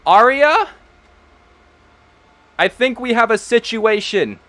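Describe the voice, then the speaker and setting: A man's voice: high-pitched, big pitch swings, a little slow, fairly bright tone, pitched above the performer's own voice, exaggerated voice. A man putting on a pompous drow noble. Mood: haughty.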